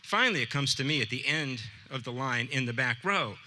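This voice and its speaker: A man, an art teacher, telling a personal story to a live audience in a relaxed, conversational way. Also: mid-range voice, fairly quick, a little hiss or hum. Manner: conversational, acts out dialogue with voices.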